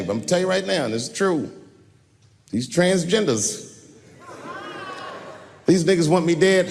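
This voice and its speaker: Male stand-up comic, lively swooping delivery, a touch high, faint venue hum behind. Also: in a large hall. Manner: animated storytelling, acts out other voices. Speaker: stand-up comedian. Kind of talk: stand-up comedy routine. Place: stage before a live audience.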